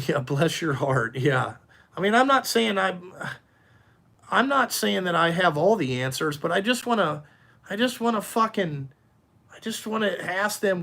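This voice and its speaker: A man's voice: high-pitched, big pitch swings, a bit bright. A man who runs a dump truck business, ranting bluntly and with heavy swearing during a livestream while answering viewers' comments. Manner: repeats himself, halting restarts. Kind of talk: profane livestream rant, answering chat.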